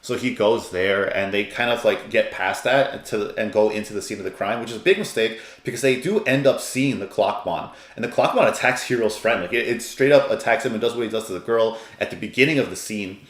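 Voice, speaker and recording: A man's voice: on the low side, a little fast, few pauses, a bit bright, roomy sound. A man reviewing an anime episode in a casual, rambling, enthusiastic way, with lots of fillers.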